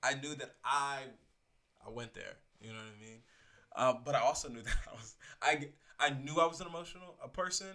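A man's voice: medium pitch, fairly quick, sharp tone. A man co-hosting a podcast as a pastor, talking earnestly and reflectively in casual chat. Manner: earnest, reflective, laughs easily.

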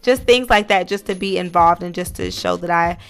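A woman's voice: on the low side, moderate pace, soft background music. A woman hosting her own podcast, talking earnestly in a casual, encouraging monologue with lots of fillers. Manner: earnest, motivational, many fillers. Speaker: podcast host.

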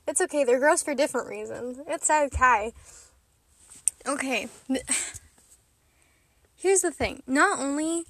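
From the driver's seat, a vlogger with a high, slightly bright voice hosts a casual chat, rambling along with frequent giggles and self-mocking asides. No echo is audible.

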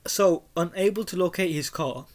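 Young co-host, mid-pitched voice, playful and teasing, hushes for story beats. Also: moderate pace. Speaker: podcast co-host telling a true story. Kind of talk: casual chat with storytelling.

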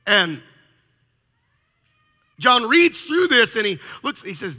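A man's voice: high-pitched, sing-song, slow pace, pauses often, pushed and bright. A male pastor giving a sermon, telling a story with jokes and asides. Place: large church sanctuary. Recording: long reverb of a large hall.

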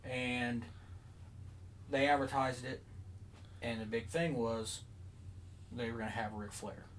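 On a casual podcast chat, a man with a steady, mid-range voice speaks slowly as he tells a long story full of fillers and asides. The recording is low quality, with slight background noise.

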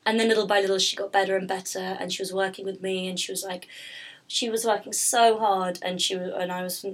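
A husky-voiced woman talks casually about her work, drifting and restarting her sentences and filling gaps with ums. Her pitch stays fairly flat throughout. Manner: rambling, with many fillers and restarts. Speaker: pastry business founder, guest. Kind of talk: casual interview chat.

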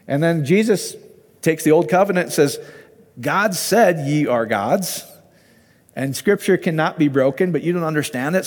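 A man's voice: fairly high pitch, big-room sound. A man giving an informal, conversational sermon and Bible teaching, often asking his listeners questions.

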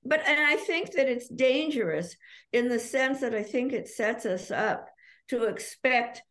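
A middle-aged woman, an author guest on a podcast, chatting and reading passages from her book in an animated, storytelling way. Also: on the high side, a little slow. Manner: animated storyteller who reads passages aloud. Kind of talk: podcast conversation.

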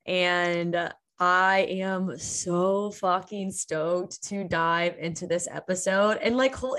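A woman's voice: fairly low pitch, takes it slowly, fairly bright tone. A young woman hosting her own podcast, talking unscripted, emotional and laughing, swearing freely as she chats. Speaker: podcast host. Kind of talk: unscripted casual podcast talk.

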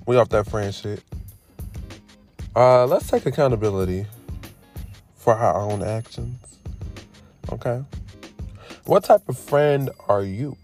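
A man hosting a casual podcast monologue, animated and preachy, firing off rhetorical questions in slangy talk and drifting into tangents. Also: mid-range voice, takes it slowly, long pauses, soft background music. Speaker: podcast host.

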